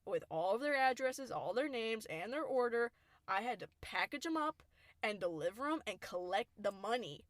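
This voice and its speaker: A woman's voice: a little high, lively intonation, moderate pace, no echo. A young woman, co-hosting a podcast, telling a story in a chatty way and laughing often. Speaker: podcast co-host. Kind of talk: casual storytelling chat.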